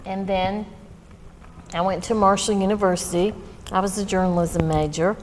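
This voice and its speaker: A woman's voice: medium pitch, steady tone, moderate pace. A middle-aged woman from Virginia, a dinner guest talking earnestly and reflectively, with many "um"s. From West Virginia. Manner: earnest, reflective, with frequent "um" and "you know". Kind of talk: casual chat over a dinner table. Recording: reverberant room with some background noise.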